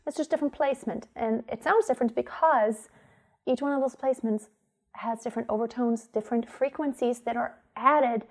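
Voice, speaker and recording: A woman teaching singing, explaining vocal technique clearly and stopping to demonstrate tones. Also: fairly high pitch, fairly quick.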